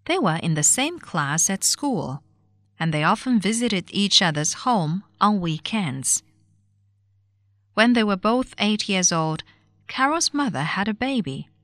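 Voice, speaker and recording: A woman narrating a short story for a language listening test, with clear, measured enunciation. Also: mid-range voice, sing-song, fairly bright tone, no room sound, clean studio sound. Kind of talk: scripted reading for a language test.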